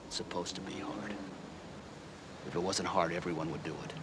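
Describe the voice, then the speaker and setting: An actor playing a gruff, blunt, washed-up former baseball star turned coach in a film drama scene. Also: male voice, deep voice, steady tone, a little fast, lightly acted. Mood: urgent. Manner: blunt, pleading, forceful. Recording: film audio with background noise.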